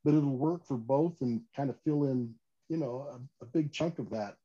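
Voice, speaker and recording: A man telling stories about fishing rods in a casual interview, animated and full of restarts and "you know". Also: mid-range voice, moderate pace. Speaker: fishing gear company guest. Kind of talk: casual podcast interview storytelling. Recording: slightly dull lo-fi audio.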